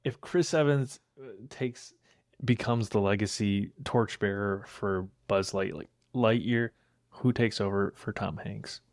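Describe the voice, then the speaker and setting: A man's voice: lowish voice, unhurried, a little mellow, dry recording, clean studio sound. A young man co-hosting a casual podcast, laid-back and hesitant, full of ums. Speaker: podcast co-host.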